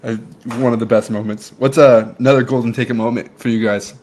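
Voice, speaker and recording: Laughing, animated male podcast co-host. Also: medium pitch, fairly quick. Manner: animated, laughs often while retelling scenes. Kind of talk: casual movie review chat.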